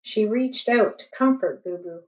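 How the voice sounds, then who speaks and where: A woman reading a children's chapter book aloud in a slow, gentle, expressive way. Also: medium pitch. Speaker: storybook reader. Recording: echoey room, distant, slightly dull.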